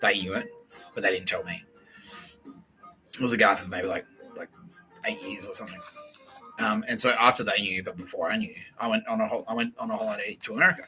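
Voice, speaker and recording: A man's voice: fairly low pitch, fairly quick, long pauses, soft background music, low-quality recording. An Australian man hosting a podcast, telling a casual story with lots of swearing and acted-out quotes. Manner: animated, swears often, acts out quoted voices. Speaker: podcast host.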